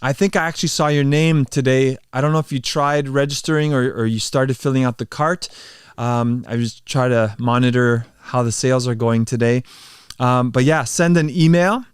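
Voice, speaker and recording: Earnest guy hosting a livestream, lots of ums, smooth voice. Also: mid-range voice, fairly even intonation, moderate pace, dry recording, clean studio sound. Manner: earnest, many fillers and restarts. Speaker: channel host and worship drummer. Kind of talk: casual livestream chat and prayer.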